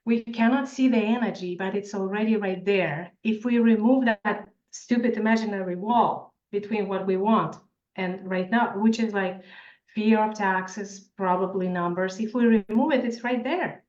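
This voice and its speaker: A woman's voice: medium pitch, normal speed, darkish tone. A woman coach speaks in short, emphatic bursts in a motivational interview. Her voice sits in a roomy space. The sound is dull and lo-fi. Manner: emphatic, short punchy phrases. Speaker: author and financial coach.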